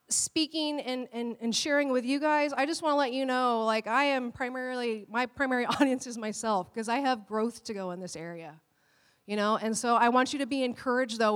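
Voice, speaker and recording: A middle-aged woman pastor giving a sermon in an animated way, laughing often and acting out quotes in a high voice. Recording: long hall reverb.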